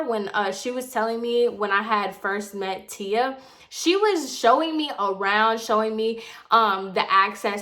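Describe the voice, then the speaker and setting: Medium in pitch, this young woman vlogger relates a story in casual conversation, her telling turning animated and heated as she reenacts the back-and-forth.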